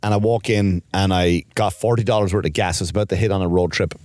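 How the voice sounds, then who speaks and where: Man telling animated stories on a podcast. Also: low-pitched, quick pace, no echo. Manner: animated storyteller, acts out quoted exchanges; swears freely, self-mocking. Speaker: podcast co-host, comedian. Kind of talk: casual comedy podcast chat.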